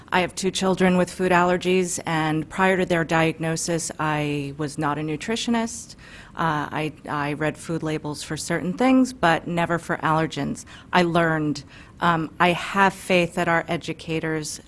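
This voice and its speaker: Concerned parent, a woman with a low-ish voice, firm and measured. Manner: earnest, firm, with fillers. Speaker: public commenter, parent. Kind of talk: public comment at a meeting.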